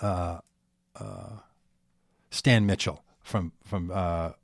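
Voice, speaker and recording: Rambling low-voiced man in conversation. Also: fairly even intonation, drawn-out words, gravelly, no echo, clean studio sound. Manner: rambling, many restarts and asides. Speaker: faith and politics speaker. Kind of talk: casual conversation.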